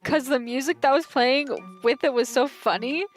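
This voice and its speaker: A woman's voice: high-pitched, normal speed, faint music behind. Giggly Southern woman streamer in her twenties. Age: 20s. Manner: giggly, chatty, talks straight to chat. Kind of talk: casual live-stream chat.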